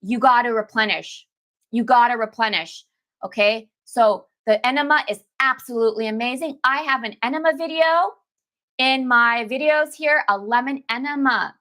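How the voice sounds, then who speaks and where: A bright, forceful woman's voice, on the high side and at moderate pace, comes from a detox coach speaking casually to her live-stream viewers. She's emphatic, repeats phrases, and calls them "baby" and "girl."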